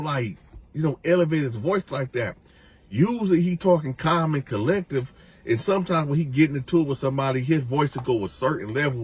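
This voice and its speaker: A man telling a prison story in a casual, animated way. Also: a little high, husky. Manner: animated, conversational.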